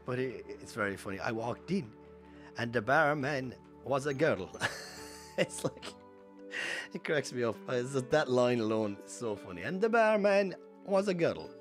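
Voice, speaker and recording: A man's voice: medium pitch, normal speed, fairly bright tone, soft background music. An Irish man giving casual, rambling speedrun commentary over gameplay, full of fillers and self-corrections. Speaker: streamer.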